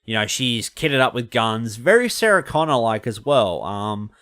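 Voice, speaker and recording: A man's voice: mid-range voice, sing-song, normal speed, fairly bright tone, smooth. A man hosting a podcast, chatting casually through a film review in a loose, rambling way and correcting himself mid-sentence. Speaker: podcast host.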